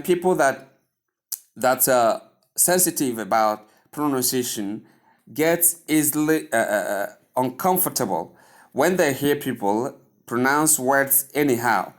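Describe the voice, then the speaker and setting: A man from Nigeria teaches English pronunciation at a very unhurried pace. He says each word several times over as he drills it, and he earnestly urges his listeners on. His voice sits at an ordinary middle pitch. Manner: earnest and gently urging. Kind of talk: slow instructional lesson over slides.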